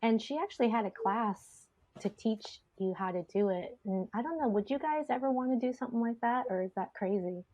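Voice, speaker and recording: A woman's voice: fairly high pitch, expressive, fairly quick, mellow. A woman hosting a podcast in casual chat, rambling along with lots of fillers. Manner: chatty, rambling with many fillers. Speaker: podcast host. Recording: slightly dull lo-fi sound.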